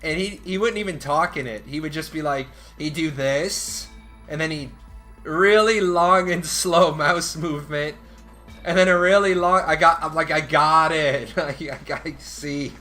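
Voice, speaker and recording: An American man streaming a video game, chatting loosely as he plays. He rambles, swears freely and laughs often. Game music plays clearly behind him, with keyboard typing. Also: fairly high pitch, a little slow, sharp tone. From United States. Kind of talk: casual gameplay commentary.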